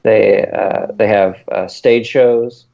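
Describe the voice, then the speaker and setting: A man's voice: on the low side, takes it slowly, vocal fry. A man co-hosting a podcast, chatting casually and rambling with lots of fillers. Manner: rambling, many "uh" fillers, excitable. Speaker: podcast co-host. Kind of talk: casual chat. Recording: dull lo-fi sound.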